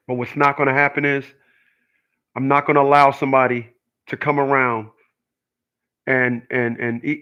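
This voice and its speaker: Solo male host, middle pitch, emphatic monologue that hammers each point twice. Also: pushed and bright, lo-fi sound. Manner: emphatic, repeats his points. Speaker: channel host.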